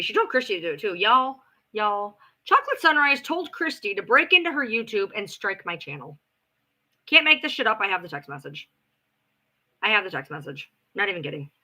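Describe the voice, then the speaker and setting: A woman hosts a livestream and tells her story bluntly, with sarcasm and plenty of swearing. Her pitch rises and falls a lot, and her voice is very bright and sharp. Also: low-quality recording. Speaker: livestream host. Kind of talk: ranting livestream chat.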